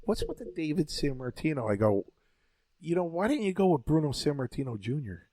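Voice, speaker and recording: Spinning a lengthy story in casual banter, this ex-wrestler and podcast co-host rambles, swears, and keeps restarting his sentences. He sounds a little high and mellow, a touch fast, with big pitch swings and no echo.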